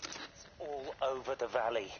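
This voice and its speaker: A man's voice: medium pitch, unhurried, highs cut off, background noise. An actor voicing an agitated man urgently warning of a spreading outbreak over the radio in a video game. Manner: urgent, insistent.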